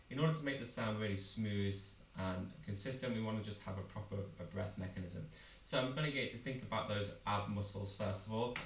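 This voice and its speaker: A man coaching a vocal warm-up, patient and encouraging, guiding breathing exercises. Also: fairly low pitch, slight background noise. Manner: patient, encouraging instruction with demonstrations. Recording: roomy, from far off the mic.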